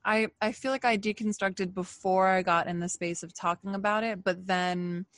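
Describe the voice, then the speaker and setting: A woman's voice: mid-range voice, fairly even intonation, moderate pace, a bit bright, no room sound, clean studio sound. A woman talking candidly and emphatically in a casual conversation, with many filler "likes". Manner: candid, emphatic, faith-focused talk with frequent "like".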